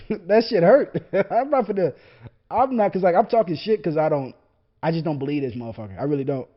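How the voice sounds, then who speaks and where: A man's voice: high-pitched, animated, fast talker. A young man hosting a podcast, ranting casually about sports with heavy swearing, rambling tangents and frequent laughter. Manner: profane, rambling, laughing often. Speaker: podcast host. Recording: lo-fi dull podcast audio.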